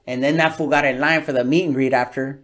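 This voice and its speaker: A man's voice: mid-range voice, fairly even intonation, fast talker, fairly bright tone. A man from California, a comedian telling stories in a casual interview, full of slang and swearing. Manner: slangy, profane, laid-back storytelling. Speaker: comedian guest.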